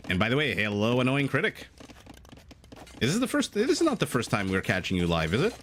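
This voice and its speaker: This game caster's medium voice swoops wildly in pitch, brisk and a bit bright, over a little hiss or hum. He's live-casting a strategy game, chatty and jokey, reading chat messages aloud and wandering off topic.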